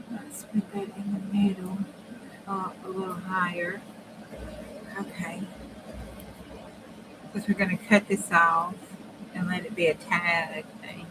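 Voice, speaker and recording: A woman hosts a casual craft stream, chatting and thinking aloud as she works, sometimes dropping to near-whispers. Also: on the low side. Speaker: crafting channel host. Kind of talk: casual craft livestream talk. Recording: noisy background.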